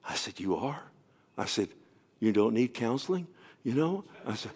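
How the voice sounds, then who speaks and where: A man who is a pastor, preaching a sermon and telling a story, often falling to a soft, near-whispered voice with stammering restarts. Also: medium pitch, lively intonation, normal speed.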